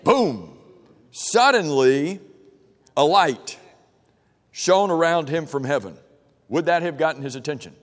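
A man leads a Bible class, reading scripture aloud and stopping often to put questions to his listeners. His voice sits a little high for a man. He talks casually and restarts his sentences, and a long reverb hangs on every phrase in the church room. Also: normal speed, pauses often. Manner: conversational, questions the group, frequent restarts. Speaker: Bible study teacher. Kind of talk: interactive Bible class teaching. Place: church meeting room with a projector.

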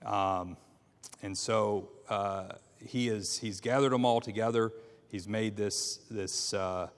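A man teaching a Bible class, reading scripture aloud in a halting way with many fillers and restarts, and asking his class questions. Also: on the low side, fairly even intonation. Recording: long reverb in a hall.

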